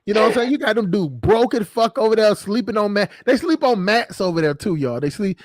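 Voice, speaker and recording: A man with a high voice hosts a loose, crude chat on a stream, laughing often as he jokes. His voice is recorded dry and close, with no room sound. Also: expressive, brisk, no room sound. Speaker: stream host. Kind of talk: casual chat.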